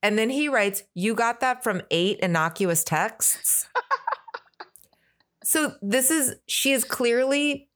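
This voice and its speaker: A woman co-hosting a podcast tells a gossip story in casual chat, reading out text messages and voicing them in animated voices. Her voice is a little high, and she takes it slowly.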